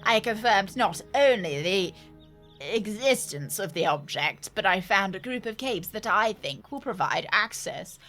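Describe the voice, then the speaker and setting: An eager male explorer with a broad put-on Australian accent, as a woman reads his letter aloud, drawling each phrase slowly and loudly. Faint game music plays behind. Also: mid-range voice, lively intonation. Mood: boastful. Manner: slow, loud, drawn-out reading aloud.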